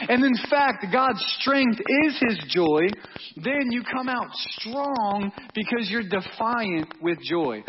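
A man's voice: very high voice, background noise. A man preaching a sermon as pastor, talking to the congregation in an emphatic, conversational way and repeating key words. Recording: dull lo-fi audio.

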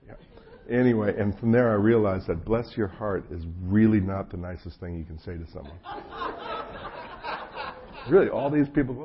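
Here the same kind of sermon: a pastor from New Jersey speaking in a lowish voice at a moderate clip, leaving long pauses. He tells stories in a folksy, self-mocking way, wanders into many asides, and has a frog in his throat, all captured on muffled, lo-fi audio with a slight hum.

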